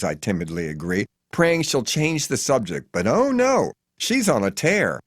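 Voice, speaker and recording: Man, audiobook memoir narration, comic storytelling, animated pitch, dry close recording. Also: measured pace, dry recording. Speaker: author narrating his memoir.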